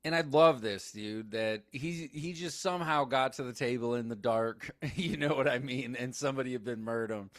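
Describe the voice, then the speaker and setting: Animated man recapping a movie. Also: medium pitch, normal speed, hardly any pauses, no echo, studio quality. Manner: animated, acts out movie quotes in put-on voices, swears freely. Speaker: podcast co-host. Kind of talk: casual movie recap chat.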